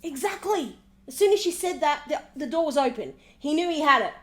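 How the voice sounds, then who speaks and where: A woman recapping a reality TV episode in an animated, sarcastic, gossipy way, often mimicking the people she talks about. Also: sits high, quick pace.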